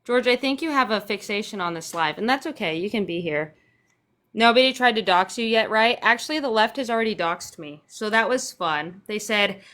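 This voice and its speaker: A woman's voice: medium pitch, fairly quick, fairly bright tone. A young woman from Central Texas, chatty and sarcastic, swearing casually as she hosts a phone livestream and answers viewer comments. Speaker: livestream host.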